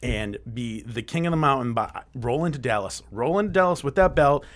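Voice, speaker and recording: A man in casual podcast chat about wrestling, excitable and enthusiastic. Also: mid-range voice, brisk.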